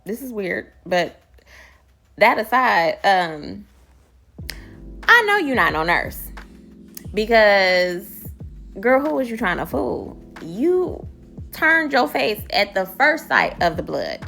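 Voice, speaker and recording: A woman's voice: mid-range voice, sing-song, slow pace, vocal fry, pauses often, sharp tone, faint music behind. A woman casually recapping a TV show in a chatty, slangy, gossipy way. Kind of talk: casual chat.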